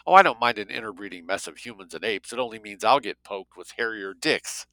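A man voicing a blunt, sardonic male financier in an audiobook, with a gravelly voice. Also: lowish voice, expressive, brisk, pushed and bright, no echo, poor audio.

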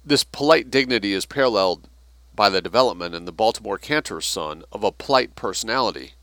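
A man reads passages from a book aloud, stopping now and then to comment on them. His voice is low-pitched with a bright, forceful edge, and the recording is dry and close. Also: animated, quick pace, dry recording.

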